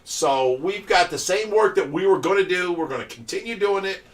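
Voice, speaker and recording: A man's voice: high-pitched, lively intonation, fairly quick. A man hosting a casual livestream for a fish rescue, telling stories and laughing often. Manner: chatty storyteller who laughs often. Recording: voice distant from the mic.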